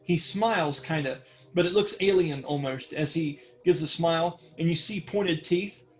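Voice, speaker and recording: A man's voice: on the high side, normal speed. A man narrating a tabletop game as game master, rambling with many fillers.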